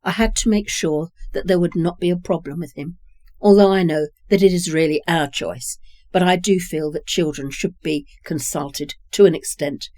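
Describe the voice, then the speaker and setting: A woman's voice: on the low side, moderate pace, a little mellow, no echo, natural voice. A reader voicing a poor widowed mother in a short story, speaking earnestly and apologetically. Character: grown woman, a poor widowed mother, proud and gentle. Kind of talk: reading dialogue in a short story.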